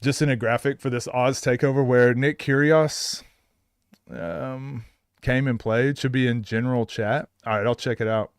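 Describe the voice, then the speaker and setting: A man's voice: mid-range voice, steady tone, normal speed, clean tone, no room sound, clean studio sound. Chatty Oklahoman man streaming live. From Oklahoma, USA. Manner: chatty, laughs often, acts out quotes. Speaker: streamer answering chat. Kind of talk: casual live stream chat.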